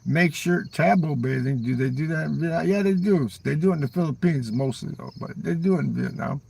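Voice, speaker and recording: A man's voice: fairly high pitch, fairly quick, vocal fry, warm tone, slight background noise. An older man rambling on a live stream, swearing constantly, ending his lines with "man" and talking back to chat viewers. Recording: voice a little far from the mic.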